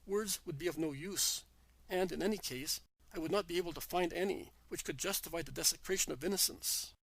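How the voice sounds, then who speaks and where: A man reading the part of Jesus, a calm, gentle teacher, in a measured, solemn way. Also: fairly high pitch, gravelly, slightly rough, no room sound, full character voice, poor audio.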